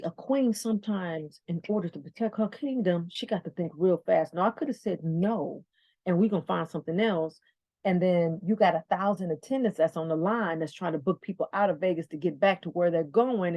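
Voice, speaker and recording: A middle-aged woman from the Bay Area hosts a motivational podcast with an animated storytelling manner. She acts out both sides of conversations and repeats phrases for emphasis. Her mid-range voice sounds close and dry, with no room around it. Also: mid-range voice, no room sound. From San Francisco Bay Area. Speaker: podcast host.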